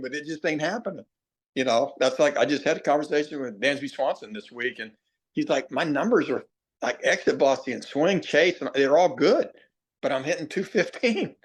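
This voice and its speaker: A middle-aged man, a baseball hitting coach, talking in a podcast interview. He tells folksy stories, acts out quoted players and slows down to stress key points. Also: fairly high pitch. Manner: plainspoken, repeats himself, drawn-out emphasis.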